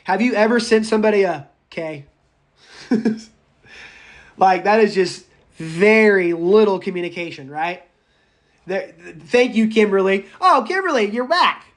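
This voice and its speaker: A man teaching a public speaking class, lecturing live in a chatty, animated way, talking to students by name and going off on tangents. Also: sits high, moderate pace. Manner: goes off on tangents.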